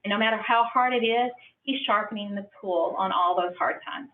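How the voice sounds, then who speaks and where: A woman's voice: mid-range voice, normal speed. A middle-aged woman speaks earnestly and emotionally, acting out the quoted lines of her story. She is heard from far off in a roomy hall, with a narrow, phone-like sound and faint hiss. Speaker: franchise owner speaking at a business conference. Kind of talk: personal testimony talk.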